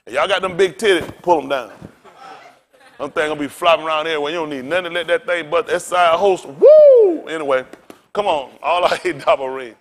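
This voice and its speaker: A man's voice: a little high, fast talker, a bit bright. A male pastor preaching a rowdy, colloquial sermon, calling out to his congregation for responses.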